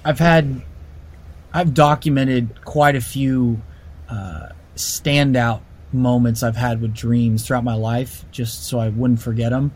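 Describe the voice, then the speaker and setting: A man telling a personal story casually, animated and full of fillers and restarts. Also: mid-range voice, slow pace.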